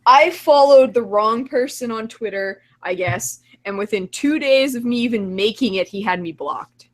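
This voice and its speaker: A woman's voice: fairly high pitch, moderate pace. A woman co-hosting a livestreamed talk show, joking crudely and laughing often between lines. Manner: laughs often, swears freely. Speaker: podcast co-host. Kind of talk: crude casual banter.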